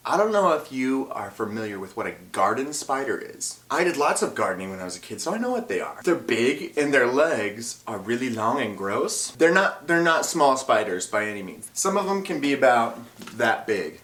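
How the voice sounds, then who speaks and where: A young man spins a comic story from his childhood in a casual, lively way, acting out scenes and breaking into shouts. His voice sits at an ordinary pitch. The room around him rings with noticeable echo. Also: brisk. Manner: animated, acts out his childhood self and yells in bursts; eats while talking. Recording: echoey room.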